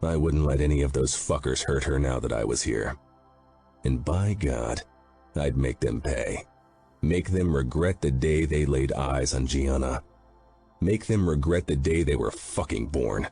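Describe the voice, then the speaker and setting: Man reading an audiobook in first person, super deep dark voice, grim and intense, faint music underneath. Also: a little slow, creaky, husky. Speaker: audiobook narrator.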